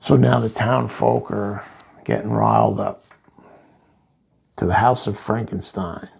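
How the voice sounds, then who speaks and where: A man casually reviewing a comic book, rambling through the plot with asides, in a gravelly voice. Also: lowish voice, big pitch swings, measured pace.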